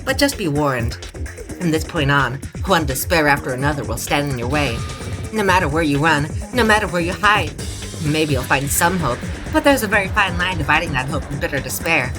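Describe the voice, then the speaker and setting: A woman's voice: deep voice, animated, brisk, over music. A woman reading a game's villainous schoolgirl mastermind, obsessed with despair, in a melodramatic, mood-swinging voice. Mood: taunting. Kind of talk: reading game dialogue aloud.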